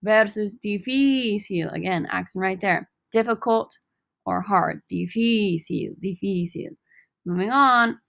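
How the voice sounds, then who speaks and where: A woman teaches a recorded Spanish lesson in an upbeat, joking way, saying each word slowly and more than once. Her voice has a gravelly, fried edge. The sound is dry and close, with no room around it. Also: medium pitch, fairly bright tone, no room sound.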